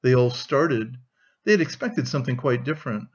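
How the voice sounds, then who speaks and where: A man narrating an audiobook in a steady, measured way. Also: mid-range voice, husky. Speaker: audiobook reader. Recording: dull lo-fi audio.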